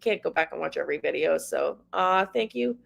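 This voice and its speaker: A woman's voice: low-pitched, fairly even intonation, a little fast, gravelly, fairly bright tone. A middle-aged woman hosting a livestream, crying and rambling as she talks to her viewers by name. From Canada. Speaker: tarot livestream host. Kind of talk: emotional livestream chat with viewers.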